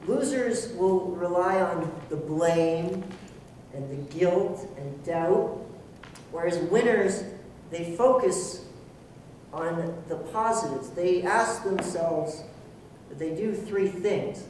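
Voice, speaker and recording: A man with a high, slow, slightly mellow voice gives a club audience a sincere motivational speech, making fun of himself and performing his own inner voice. Heard from afar in an echoey room, the recording carries slight background noise.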